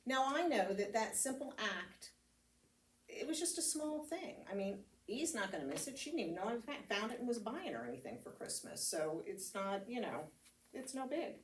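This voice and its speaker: A woman's voice: fairly high pitch, sing-song, normal speed, a little hiss or hum. A woman reverend with an American accent giving a casual, conversational homily, telling stories with laughs and fillers. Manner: chatty storytelling with laughs and fillers. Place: church meeting hall. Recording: roomy hall, speaker heard from a distance, faint ambience.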